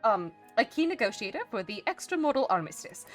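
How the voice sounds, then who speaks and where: A woman's voice: medium pitch, big pitch swings, fast, hardly any pauses, fairly bright tone, faint music behind. A woman streaming in character, chatting casually in a rambling, hesitant way with lots of fillers and restarts, and a dry, playfully smug humor. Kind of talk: casual live-stream chat.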